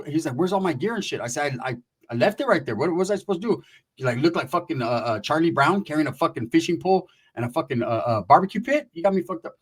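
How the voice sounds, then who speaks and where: A man's voice: fairly high pitch, animated, quick pace, breathy edge. A man telling a long story in casual, profane slang, acting out the voices of the people he quotes.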